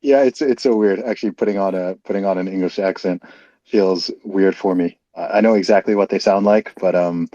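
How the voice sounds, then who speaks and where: Deep, mellow man with American accent. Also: fairly quick, no echo. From Saudi Arabia. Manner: relaxed, laughs easily, fillers. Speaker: guest. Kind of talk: casual conversation. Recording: muffled lo-fi audio.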